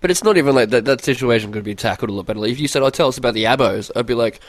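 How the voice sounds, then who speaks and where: A man's voice: mid-range voice, very fast. An Australian man from Australia, a guest on a podcast, chatting casually in crude, opinionated banter. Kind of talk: casual chat.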